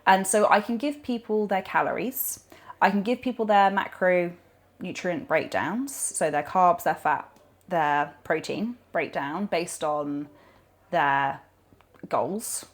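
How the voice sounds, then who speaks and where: A woman's voice: on the low side, slow. A woman, a nutrition coach, talking animatedly in a podcast interview, rambling with lots of fillers and restarts.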